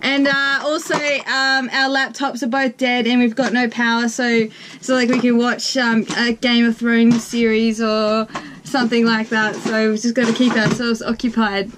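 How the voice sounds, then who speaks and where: A young woman chatting casually to the camera as a sailing vlogger, relaxed and a little hesitant. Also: on the high side, moderate pace. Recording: camera clip with clear background noise.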